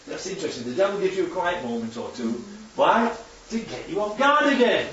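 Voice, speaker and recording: A man's voice: high-pitched, big pitch swings, brisk, a bit bright, a little hiss or hum. A man preaching a chatty sermon with slides to his congregation, constantly checking in with tag questions. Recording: echoey hall, distant dull mic.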